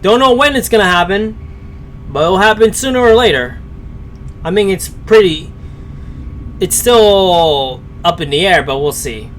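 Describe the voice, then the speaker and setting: A man's voice: high voice, animated, unhurried, pauses often, slight background noise. A man giving casual live-stream commentary as he reacts to a story, rambling and hesitant with many fillers.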